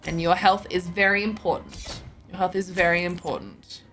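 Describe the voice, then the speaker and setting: A woman's voice: lowish voice, lively intonation, moderate pace, fairly bright tone, faint music behind. A tired woman streaming a card game, chatting casually with her viewers, yawning and joking as she stumbles over her words. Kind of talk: casual live-stream chat while gaming.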